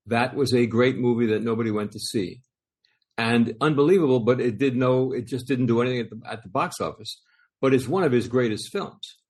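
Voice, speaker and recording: A man co-hosting a classic film podcast, telling anecdotes with hesitant pauses. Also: mid-range voice, darkish tone, slightly rough. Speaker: podcast co-host. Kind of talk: casual film discussion.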